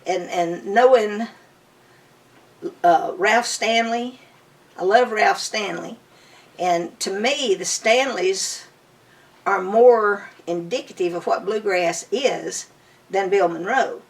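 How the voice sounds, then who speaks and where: An older bluegrass musician's mid-range voice moves slowly, with long pauses, as she tells stories in a casual interview at her home. She's enthusiastic, chatty and fond in her telling. The recording is made from a distance.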